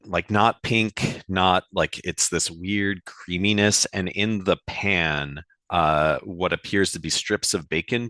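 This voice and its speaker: A man narrating his turn in a tabletop role-playing game, halting with many fillers and restarts. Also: low voice, pushed and bright, no room sound.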